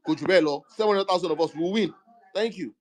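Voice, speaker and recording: A man lecturing forcefully in a heated live discussion, mixing in Yoruba phrases. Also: high-pitched, fast. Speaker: speaker in an online audio discussion.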